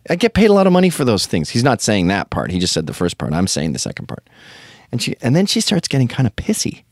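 A man's voice: medium pitch, wildly swooping pitch, fast talker, dry recording, clean studio sound. A man hosting a podcast, telling a rambling, profane comic story full of tangents. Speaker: podcast host. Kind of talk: casual comedic storytelling.

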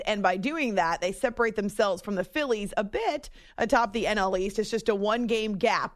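A woman hosts a sports talk show in a chatty, enthusiastic way, her voice a little high. The sound is dry and close, with no room around her. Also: dry recording. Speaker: sports podcast host.

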